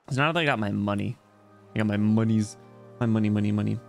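A man's voice: fairly low pitch, quick pace, gravelly, faint music behind. A young man streaming a video game, rambling and joking with his chat while he plays. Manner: rambling, jokey, talks to chat while playing. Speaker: VTuber streamer. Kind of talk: casual gaming livestream chat.

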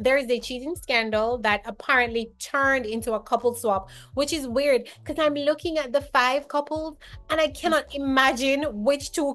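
A woman co-hosting a casual reality TV chat, talking in an animated, emphatic way and jumping from thought to thought. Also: high-pitched.

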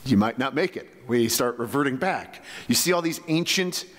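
A man's voice: medium pitch, expressive, moderate pace, fairly bright tone, big-room sound. A man preaching a sermon as pastor, in a conversational way full of rhetorical questions. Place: church sanctuary.

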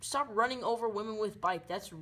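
A woman doing loud, silly running commentary while playing a game. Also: medium pitch, fairly quick. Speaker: gaming video creator.

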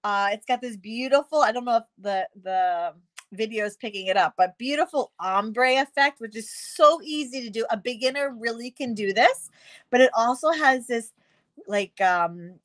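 In a fairly high, expressive voice at normal speed, a woman runs a live crafting stream. The chat is casual, chatty and bubbly, with frequent laughter and viewers greeted by name.

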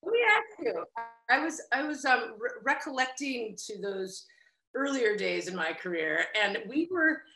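Guest actress, 40s, from upstate New York, lively and wry, high bright voice, echoey room. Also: female voice, normal speed. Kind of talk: casual interview chat. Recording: roomy echo.

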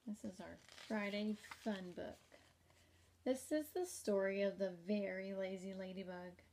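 A young woman teacher reading a picture book aloud to young children, gentle and expressive, often pausing to ask questions. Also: mid-range voice, slight background noise. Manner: gentle, slow and expressive, asking the listener questions.

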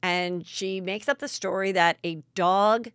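A woman's voice: mid-range voice, unhurried, a bit bright, smooth, dry recording, clean studio sound. A woman hosting a podcast, telling stories in casual gossip chat and acting out what people said. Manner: chatty storyteller, acting out quotes. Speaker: podcast host.

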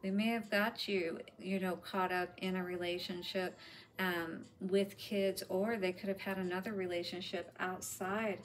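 A woman's voice: on the low side, steady tone, unhurried, a little hiss or hum. A woman giving a spiritual tarot reading in a chatty, reassuring way, with lots of "you know" fillers. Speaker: tarot reader.

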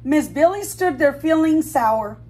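A woman reads a storybook to preschoolers in a high, sing-song voice that swoops widely between notes. She takes her time and pauses to ask the children questions. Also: expressive, a little mellow. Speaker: preschool teacher. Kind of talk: storybook read-aloud for children.

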